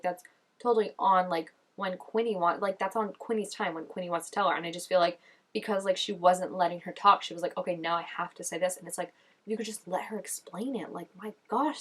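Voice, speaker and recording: A woman in the middle of her pitch range chats through an episode in a casual reaction vlog. Her talk is gushing and full of filler words. She often leaps up high when something surprises her. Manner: gushing and chatty, full of "like" and "oh my gosh"; excitable, with sudden jumps up in pitch. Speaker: show reaction vlogger.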